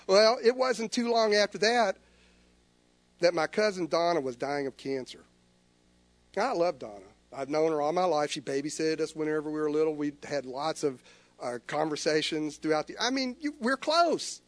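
High-voiced man preaching a sermon. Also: normal speed, no room sound. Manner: earnest storytelling, acting out his own inner dialogue. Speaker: pastor. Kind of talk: sermon with personal story.

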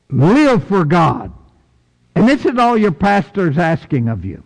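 A man's voice: wildly swooping pitch, slow, vocal fry, pauses often. Preaching man in a reverberant church. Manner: preaching with dramatic swings between low hushed lines and high cries. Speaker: pastor. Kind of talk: sermon. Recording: long hall reverb.

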